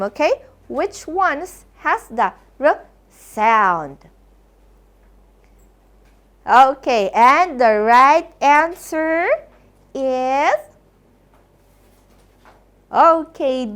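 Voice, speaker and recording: Slow, sing-song woman teaching phonics. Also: sits high. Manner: sounds out letters, warm coaxing praise. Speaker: kindergarten English teacher. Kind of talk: slow phonics lesson for young children.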